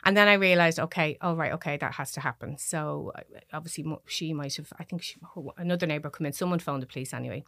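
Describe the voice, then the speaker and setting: Low-voiced Irish woman telling her story. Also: creaky, a bit bright, no room sound. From Dublin, Ireland. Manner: emotional, halting recollection. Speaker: podcast guest. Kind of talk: personal storytelling.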